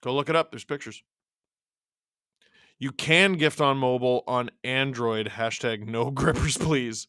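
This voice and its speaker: A man's voice: medium pitch, a little slow, clear, resonant tone, no echo, clean studio sound. A man hosting a live watch-along stream, calling the game, yelping at big plays and joking with his chat. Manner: excitable, yelps and shouts at big plays; jokey banter with chat. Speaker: streamer and show host.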